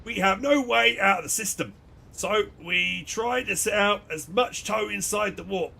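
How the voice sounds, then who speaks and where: A man doing a loud, gloomy helmsman. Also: high voice, a little slow, creaky, pitched above the performer's own voice, heavily acted. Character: gloomy blunt male ship helmsman.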